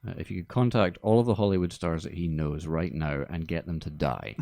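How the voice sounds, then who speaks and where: A man hosting a casual movie podcast in a studio, talking in a dry, deadpan joking way. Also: rumbling low, fairly quick, vocal fry, dry recording. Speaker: podcast host.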